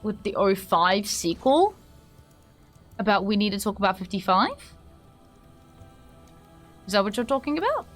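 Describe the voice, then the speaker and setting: A woman's voice: medium pitch, sing-song, a little slow, long pauses, soft background music. Chatty Australian woman streamer. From Western Australia. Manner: chatty, hesitant, stumbles over words when reading. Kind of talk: casual chat and reading a story aloud on stream.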